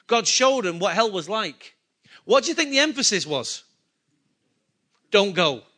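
A man's voice: sits high, sing-song, normal speed, sharp tone. A male pastor preaching a sermon, emphatic and full of rhetorical questions to his congregation.

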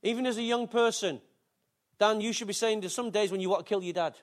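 A man's voice: high voice, fast talker. An older man, preaching a sermon in a chatty, joking way with asides to the congregation. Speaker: pastor.

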